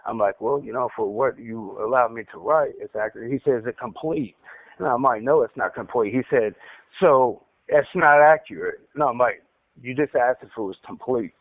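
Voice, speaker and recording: This man, medium-pitched and talking a little fast, describes an interrogation over the phone. The line sounds tinny and dry with no room sound, and his casual account is full of stutters, repeated words and restarts.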